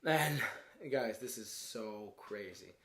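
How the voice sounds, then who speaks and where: A man's voice: on the low side, lively intonation, takes it slowly, a bit bright. A man giving a casual, rambling movie review, often stopping to search for words and laughing as he goes. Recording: roomy echo.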